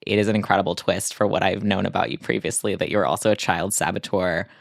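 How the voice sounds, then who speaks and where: A woman's voice: extremely low pitch, steady tone, quick pace, creaky, no echo, clean studio sound. A woman hosting a podcast, reacting playfully in casual chat. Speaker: podcast host.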